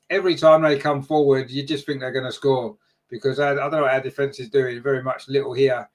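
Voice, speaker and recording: A man's voice: medium pitch, steady tone, a little fast. A man giving live fan-channel football commentary, chatty and partisan, his voice jumping up when chances come.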